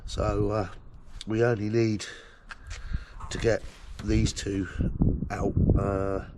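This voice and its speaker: A fairly low-voiced man talks through a repair job in a relaxed, halting way, his throat hoarse and croaky. Loud workshop noise and clicks run under everything he says. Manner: laid-back, explains as he works, many fillers. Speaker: host doing vehicle repairs. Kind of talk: casual how-to narration.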